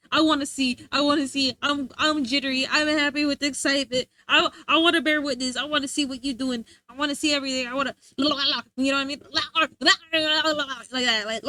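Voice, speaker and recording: A young woman streaming live, chatting casually with viewers, giggly, excitable and rambling. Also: high voice, no echo.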